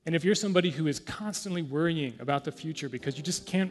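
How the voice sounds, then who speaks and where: Guy pastor preaching casually in church, lots of ums and throat clearing, slightly high voice. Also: quick pace, few pauses, long reverb tail, faint music behind. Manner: conversational, many fillers, clears throat often. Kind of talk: sermon.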